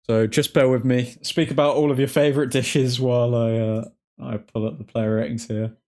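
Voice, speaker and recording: A young English man hosts a football watchalong stream in a medium-pitched, darkish voice with fairly even intonation and normal speed. He jokes with his viewers, laughs frequently, and reads their chat comments out in relaxed banter.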